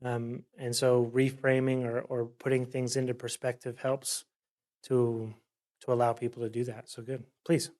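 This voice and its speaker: A man speaks to a city council chamber as a workshop facilitator. His delivery is casual and conversational. He keeps tagging his points with a quick "right?". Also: mid-range voice, flat delivery, a little mellow. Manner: chatty, keeps asking "right?". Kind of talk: conversational presentation.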